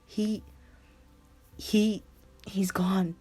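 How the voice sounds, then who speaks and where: A woman's voice: on the low side, unhurried, dark tone, soft background music. A woman voicing a heartbroken young woman who pleads through tears in a fan story reading. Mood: sobbing. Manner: tearful, pleading.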